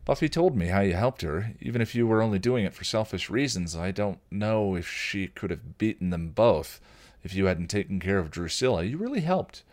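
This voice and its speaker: A man voicing a nervous young man who talks high and excitably. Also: moderate pace, close to an everyday voice. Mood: flustered.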